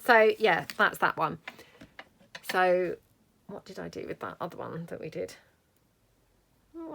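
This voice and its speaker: Middle-aged woman, gravelly, easygoing crafting chatter. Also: mid-range voice, expressive, measured pace, pauses often, fairly bright tone. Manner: chatty, thinks aloud while working. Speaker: craft vlogger. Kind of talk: casual crafting tutorial chat.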